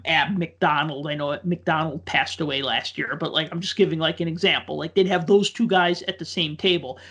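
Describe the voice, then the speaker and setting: A man's voice: fairly high pitch, pushed and bright. A man telling a long casual story, full of likes, ums and restarts. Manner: rambling, filler-heavy with many likes and ums.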